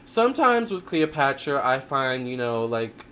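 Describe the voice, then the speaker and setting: A man hosting a livestream as a tarot reader, chatting casually and reading out viewer comments, talking expressively with lots of fillers and quick restarts. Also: medium pitch, sing-song, fairly bright tone, slight background noise. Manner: addresses viewers directly with frequent "all right?".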